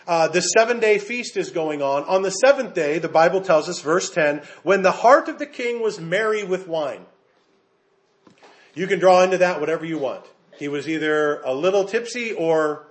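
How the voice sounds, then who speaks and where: A high-voiced American pastor preaches to his congregation with lively emphasis. He slows for weight, then quickens for a joke. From United States. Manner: animated, emphatic, jokes with the congregation. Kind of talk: sermon.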